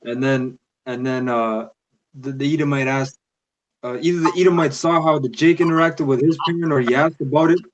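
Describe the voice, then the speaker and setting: A man's voice: mid-range voice, steady tone, fairly quick, muffled recording. A man joining a casual religious discussion, talking in slang and reading scripture aloud. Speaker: discussion participant. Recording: noisy recording.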